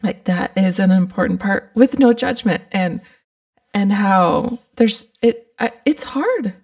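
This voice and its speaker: A woman's voice: mid-range voice, animated, slow, recorded from a distance. A middle-aged woman hosting a talk sounds moved and a little tearful as she asks her guest questions. Her voice sits a bit back from the microphone. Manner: emotional, warm questioning. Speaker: host. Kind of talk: casual conversation.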